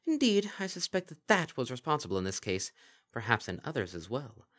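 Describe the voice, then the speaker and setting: A man's voice: mid-range voice, sing-song, brisk, fairly bright tone, voice pushed up. A man voicing a regal winged princess in a storybook reading, speaking in a formal, archaic manner. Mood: regal calm. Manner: archaic formal speech, dignified.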